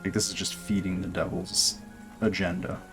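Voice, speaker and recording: A man's voice: low voice, little pitch movement, moderate pace, faint music behind. A man playing in a tabletop game, talking casually in a hesitant, rambling way. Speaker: player.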